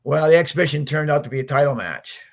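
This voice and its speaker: A man in his fifties, a podcast guest, telling his story in a lively way, acting out what he and others said, with frequent laughs. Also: fairly high pitch, quick pace, vocal fry. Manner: animated storyteller, acts out his own quotes, laughs often. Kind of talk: storytelling interview.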